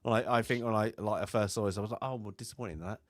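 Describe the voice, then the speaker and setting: A man's voice: lowish voice, steady tone, racing, dry recording, studio quality. A man co-hosting a film review chat, talking in a rambling way with many fillers and restarts. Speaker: film club co-host.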